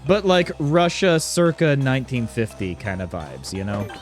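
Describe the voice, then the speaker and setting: Male streamer playful, animated let's-play banter, faint game music behind. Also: mid-range voice, moderate pace. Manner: chatty, jokey, many fillers. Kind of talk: casual let's-play commentary.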